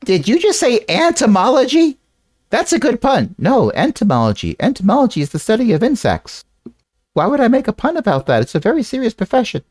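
A man voicing a huge creature who feigns innocence, using a mock-serious, playful voice pitched higher than his own. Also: wildly swooping pitch, fairly quick, darkish tone, no room sound, clean studio sound, heavily acted. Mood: mock innocent.

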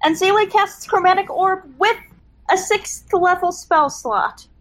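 High-pitched lady playing a tabletop game, slow and hesitant, lots of ums. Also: a bit bright, poor audio. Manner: hesitant, thinking aloud with fillers. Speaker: player.

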